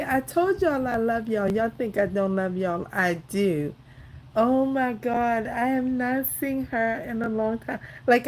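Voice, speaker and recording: Woman streamer, teary and effusive, slow unhurried delivery, faint ambient hum behind her. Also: on the high side. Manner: gushing, repeats exclamations, addresses viewers as y'all. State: teary, near crying. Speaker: crafting livestream host. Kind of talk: emotional casual livestream chat. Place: indoors at home.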